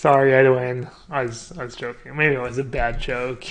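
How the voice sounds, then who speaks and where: A man's voice: medium pitch, flat delivery, normal speed, a little hiss or hum. A man streaming live, joking with chat and thinking aloud about card choices. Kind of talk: casual live-stream commentary.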